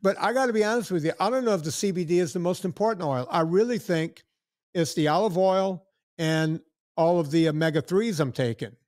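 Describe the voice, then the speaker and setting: A man's voice: high voice, fairly quick, darkish tone, no echo, clean studio sound. A man in his sixties hosting a podcast, rambling in casual chat with many restarts and acted-out quotes. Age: 60s. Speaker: podcast host.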